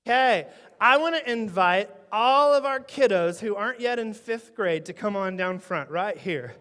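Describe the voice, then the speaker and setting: A man's voice: high-pitched, lively intonation, moderate pace, fairly bright tone. A man leading a playful children's sermon in church, teasing and quizzing the kids. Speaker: children's pastor. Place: church sanctuary. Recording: echoey church sanctuary.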